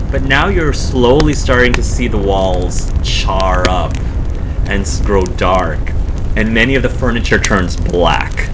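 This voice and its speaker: A man narrating as game master in a tabletop role-playing game, describing scenes with frequent ums and likes. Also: fairly low pitch.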